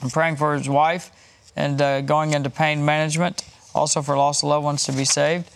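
Chuckling warmly now and then, a man hosting a Christian program lists off donors along with where they're from and what they've asked prayer for. He speaks at normal speed in a slightly high, gravelly but clean voice with a flat delivery.

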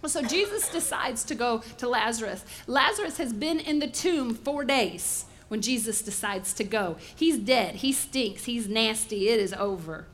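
Woman pastor, bright tone, animated sermon delivery. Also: a little high, unhurried, few pauses, slight background noise. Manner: animated preaching, acts out voices in asides.

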